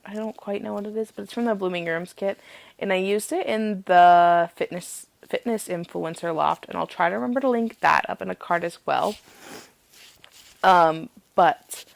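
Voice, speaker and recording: A young woman in her twenties talks casually over her building footage, rambling from one thought to the next and laughing often. Her voice sits on the low side, with a gravelly fry at the ends of her words. The recording is close and dry, with no room sound. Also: no room sound. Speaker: student teacher and game-build video host.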